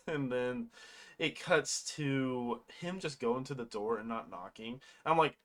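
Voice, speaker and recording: Casual movie recapper, rambling and profane, mid-pitched voice, slips into animated quotes. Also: slow. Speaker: movie reviewer.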